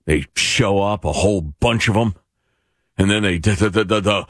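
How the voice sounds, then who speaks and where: A man co-hosting a radio talk show, mocking an argument with wry, drawn-out sarcasm, and reading an ad. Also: fairly low pitch, a bit bright, no room sound, studio quality.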